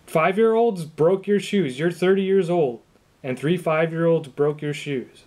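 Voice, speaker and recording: A young man with a slightly high voice improvises one half of a phone call as a shoemaker talking to an upset customer. He fires off disbelieving questions in a deadpan, mock-supportive way. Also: unhurried, slight background noise.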